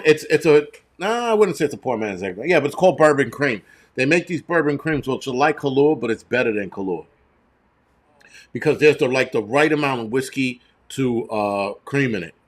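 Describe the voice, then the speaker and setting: A middle-aged man hosting a casual livestream, answering viewers in a blunt, profane, rambling way. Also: mid-range voice. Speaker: channel host.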